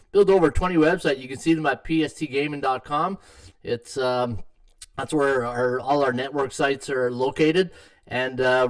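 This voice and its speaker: A man's voice: fairly high pitch, far from the mic. A middle-aged man hosting a live sports betting stream in casual chat, full of fillers and restarts. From Canada. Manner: chatty, many fillers and restarts. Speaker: sports betting podcast host. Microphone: desktop mic. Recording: tinny echoey home stream mic.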